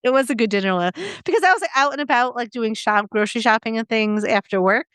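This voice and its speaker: A woman's voice: fairly high pitch, fast talker, a bit bright, clean tone, no echo, studio quality. A middle-aged woman co-hosting a podcast, chatting with enthusiasm and laughing often. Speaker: podcast co-host. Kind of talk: casual chat.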